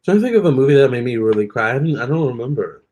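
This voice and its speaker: A young man chatting casually with viewers during a live stream, expressive and talking straight to his audience. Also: mid-range voice, racing. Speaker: live-stream tarot reader.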